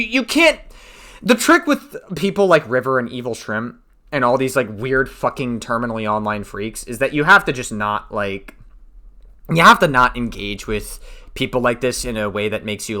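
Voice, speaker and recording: Bright-voiced heated male commentator. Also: mid-range voice. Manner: heated, swearing, mocking. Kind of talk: reaction commentary.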